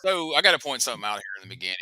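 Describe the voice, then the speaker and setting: A man's voice: medium pitch, very animated, rapid-fire, pushed and bright, dry recording, rough recording. A man with a Southern accent hosting a casual podcast chat, rambling with fillers and restarts. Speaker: podcast host.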